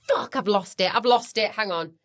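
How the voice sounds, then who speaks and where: A woman's voice: medium pitch, brisk, no echo, clean studio sound. A woman co-hosting a casual podcast chat, playful and teasing, laughing often and calling her partner pet names. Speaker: podcast co-host. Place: home in Melbourne.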